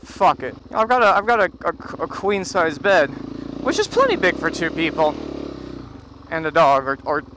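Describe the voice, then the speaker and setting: Profane rambling motovlogger, high-voiced man, helmet headset under heavy road noise. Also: very animated, moderate pace. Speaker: motorcycle vlogger. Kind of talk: rambling anecdotal chat. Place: outdoors, riding a motorcycle. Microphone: helmet bluetooth headset. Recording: loud wind and traffic noise. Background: road and engine noise.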